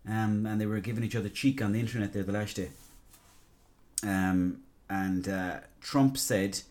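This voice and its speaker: A man's voice: on the low side, a little mellow. An Irish man hosting a podcast, talking in a casual, rambling, sweary and jokey monologue. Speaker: podcast host.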